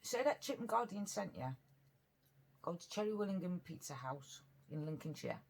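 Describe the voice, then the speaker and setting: A woman's voice: on the low side, lively intonation, moderate pace, gravelly. A woman from Britain, chatting in a rambling, earnest way while eating on camera for her vlog. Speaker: mukbang vlogger. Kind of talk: casual eating chat.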